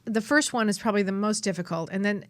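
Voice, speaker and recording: A woman's voice: mid-range voice, no echo. A woman hosting a talk show, asking her guests questions. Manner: slow, reactive, interjecting. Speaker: host.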